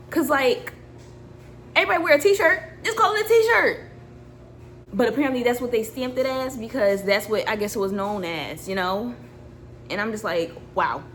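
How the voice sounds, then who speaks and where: A young adult woman vlogger reacts to a video while casually telling a story, animated and slangy with lots of laughing. Her voice is fairly high, and there is a little hiss or hum in the recording.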